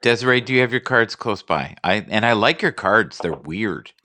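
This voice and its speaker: A man's voice: on the low side, expressive, normal speed, pushed and bright, slight background noise. A man hosting a casual live stream, joking and rambling playfully with his guests.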